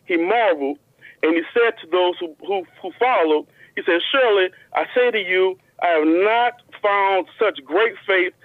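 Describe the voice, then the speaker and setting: A man with a fairly high voice makes his case on a call-in show, reading scripture out slowly and stressing key words. He often trips into stammered restarts. His voice sounds dry and tinny, squeezed through a phone line. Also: dry recording. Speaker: guest Bible teacher.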